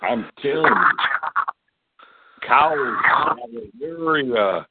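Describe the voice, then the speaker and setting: A man's voice: medium pitch, very animated, slow, pauses often, slight background noise. A man rambling through a profane comedic monologue, drawling and tacking "man" onto his lines. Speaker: podcast host. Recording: tinny phone-like sound.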